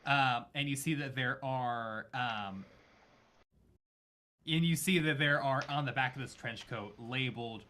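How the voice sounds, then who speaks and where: Bright-voiced man narrating as game master. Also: medium pitch. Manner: halting, with many fillers and self-corrections.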